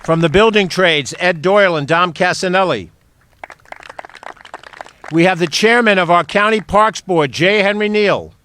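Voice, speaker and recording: A man with a slightly high voice, a county executive, thanks people one by one at an outdoor stadium reopening. Faint noise sits under the recording. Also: unhurried, long pauses, a bit bright. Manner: reads out names and thanks them. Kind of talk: ceremony speech.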